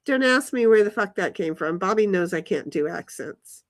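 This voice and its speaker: A woman's voice: medium pitch, animated, normal speed. A woman live streaming from her backyard, rambling casually to herself and her chat and swearing now and then. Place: backyard, outdoors.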